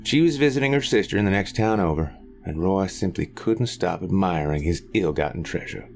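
A man narrating a horror story in a measured, grave manner. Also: low voice, expressive, creaky, a little mellow, soft background music.

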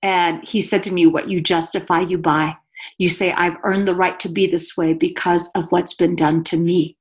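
A woman guest giving an earnest, emotional personal testimony in conversation, a mother speaking about her life. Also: lowish voice. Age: adult mother.

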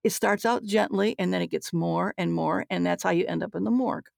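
Older lady guest with a really gravelly voice, blunt and no-nonsense, does all the voices in her stories, dry close sound. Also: fairly low pitch, brisk, a little mellow, dry recording. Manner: forthright, acts out quoted dialogue. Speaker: guest author and psychologist. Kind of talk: candid storytelling interview.

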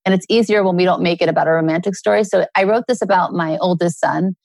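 A middle-aged woman, a guest author, talking earnestly in a relaxed interview and telling personal stories. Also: on the low side, fast talker, creaky, dry recording. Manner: earnest, storytelling with acted quotes.

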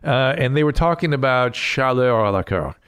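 A man's voice: mid-range voice, animated, moderate pace, a bit bright, smooth, no room sound, clean studio sound. A man hosting a casual podcast chat as a physician, explaining things in a lecturing way. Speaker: host and physician.

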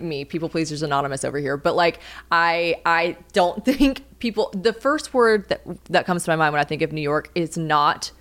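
A woman's voice: fairly low pitch, animated, normal speed, few pauses, a bit bright. A young woman with a Southern US accent hosting a podcast, chatting in a bubbly, rambling, teasing way. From American South. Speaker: podcast host. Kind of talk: casual chat.

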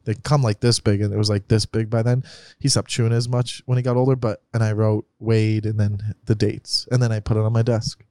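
A man chatting as a podcast guest, rambling and halting and restarting his sentences. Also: fairly low pitch, level tone, darkish tone, no echo. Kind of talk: casual chat.

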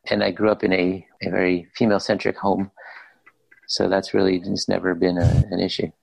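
A middle-aged man, a podcast guest, chatting in a laid-back, somewhat halting way. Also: low-pitched, flat delivery, vocal fry, darkish tone, no echo, poor audio. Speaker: podcast guest, host's husband. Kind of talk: casual chat.

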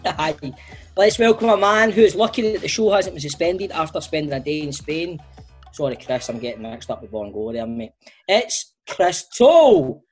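A man's voice: a little high, lively intonation, moderate pace, slightly rough, faint music behind. A man with a Scottish accent hosting a podcast in casual, teasing banter. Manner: jokey, teasing. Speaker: podcast host.

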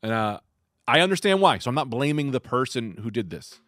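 A man's voice: mid-range voice, a little fast, no echo. A man swaps stories on a comedy podcast, his voice rising and dropping a lot as he jokes. The sound is close and dry, with no room around it. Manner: animated, joking storyteller with lively swings. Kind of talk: casual comedic chat.

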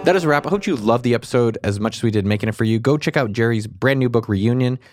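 A man's voice: mid-range voice, fast, over music. A man hosting a podcast, talking casually and animatedly with frequent restarts. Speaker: podcast host. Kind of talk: casual interview chat.

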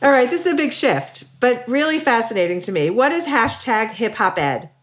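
Playful woman co-host, slightly high. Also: big pitch swings, normal speed. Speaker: co-interviewer.

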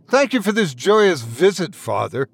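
A man's voice: on the high side, very animated, measured pace, vocal fry, breathy edge, full character voice. A man voicing an angry grown son who is disgusted and bitterly sarcastic.

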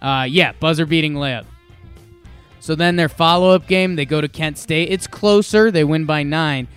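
A man's voice: on the high side, moderate pace, a bit bright, clear, resonant tone, soft background music. A man co-hosting a podcast, chatting casually about sports bets in a rambling, joking way with many restarts. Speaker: podcast co-host making betting picks.

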